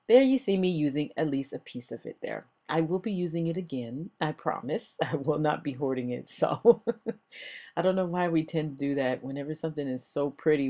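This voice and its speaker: An older woman with a strikingly deep, low voice talks over her crafting footage in a loose, rambling way. She chuckles often as she chats along. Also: dark tone. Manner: chatty and rambling, laughs often. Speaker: crafting vlogger. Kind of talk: casual voice-over narration of a craft video.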